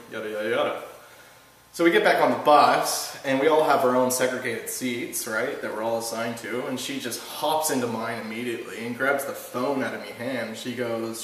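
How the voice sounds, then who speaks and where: A man from Canada, a guest telling casual travel stories in an animated way, often tagging his lines with "right?". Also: mid-range voice, brisk. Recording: echoey room, distant mic, faint noise.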